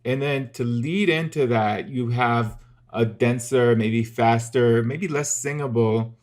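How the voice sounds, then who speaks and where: A man's voice: medium pitch, takes it slowly, a little mellow. A man teaching music theory in a casual, methodical video lesson, explaining step by step with the odd filler.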